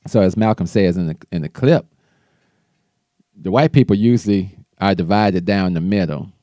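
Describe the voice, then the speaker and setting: A man's voice: deep voice, normal speed, warm tone, no echo, studio quality. A man hosting his own show, casually talking through political commentary in a loose, conversational way with restarts. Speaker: show host.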